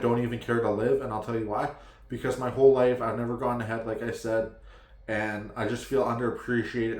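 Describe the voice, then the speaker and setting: Man, frustrated vlog rant, heated and pleading, mid-range voice, roomy echo. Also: medium pitch. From Canada. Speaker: vlogger. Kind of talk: frustrated talking-to-camera rant.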